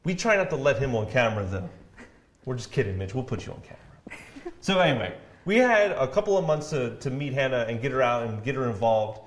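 A man's voice: medium pitch, brisk. A man co-hosting a local TV live show, chatting casually and teasing his co-hosts, recorded in an echoey room. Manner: joking, animated, teasing. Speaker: co-host of a county TV live show.

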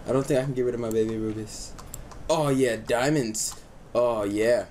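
Excitable young man gaming on a headset. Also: moderate pace, a little hiss or hum. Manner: excitable, teasing, bursts into high yelps. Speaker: let's play host. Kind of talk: casual gaming chat.

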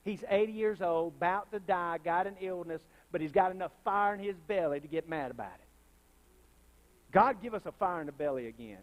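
A man in a church sanctuary preaching a sermon with real fire in it. His voice sits high and it keeps jumping up into loud, impassioned bursts. He keeps calling out to the congregation, asking for responses and a witness. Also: moderate pace. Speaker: pastor.

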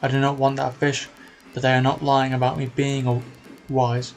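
A man voicing a wise, cryptic talking cat in a video game, speaking slowly with formal, solemn phrasing over faint music. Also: medium pitch, completely flat delivery, close to an everyday voice, rough recording.

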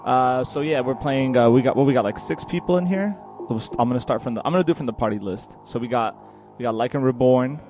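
A young man hosting a gaming video, chatting casually with friends, swearing freely and yelling when startled. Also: medium pitch, fast, few pauses, noisy background. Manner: swears a lot, yells in panic when startled. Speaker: let's play host.

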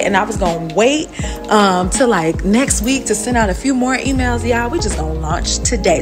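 A woman vlogging casually to her viewers about her small business, bubbly and excited, calling the audience "y'all.". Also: medium pitch. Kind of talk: casual vlog talk to camera. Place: in a car.

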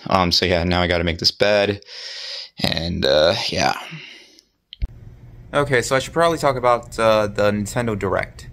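A man's voice: fairly low pitch, normal speed, long pauses, a bit bright. A man chatting casually in a monthly vlog, rambling with lots of fillers and restarts. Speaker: vlogger.

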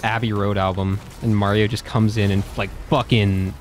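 A man's voice: on the low side, flat delivery, normal speed, slight background noise. A young man doing casual gameplay commentary, chatting to viewers with frequent swearing and laughter. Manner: profane, laughing, loose chatter. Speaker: YouTuber playing a game and talking to chat.

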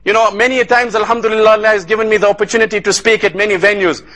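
A man from South Africa delivers an impassioned sermon in a high, bright, ringing voice. He speaks in repeated, rhythmic cadences and mixes Arabic phrases into his telling. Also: fairly even intonation, rapid-fire. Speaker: Islamic lecturer. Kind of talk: emotional sermon storytelling.

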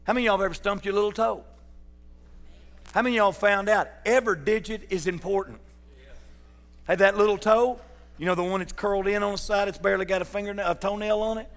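High-voiced pastor preaching. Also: male voice, steady tone, fast, pauses often, fairly bright tone, in a large hall. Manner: folksy, joking, asks the congregation questions. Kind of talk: sermon. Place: church sanctuary.

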